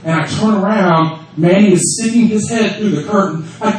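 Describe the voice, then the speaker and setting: A man's voice: high voice, normal speed, few pauses, recorded from a distance, crowd noise. Man telling stories in an echoey room. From United States. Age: 30s. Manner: profane, lively storyteller who laughs often. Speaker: wrestling promotion creative head on a fan panel. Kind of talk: storytelling at a fan Q&A panel. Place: convention room at a fan event. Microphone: phone held in the audience. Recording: echoey room, phone recording from the audience.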